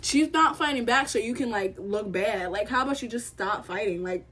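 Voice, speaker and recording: Heavy background noise surrounds a young American vlogger as she casually discusses what she's been watching, stressing her points and repeating herself. Her voice is a little high, at normal speed.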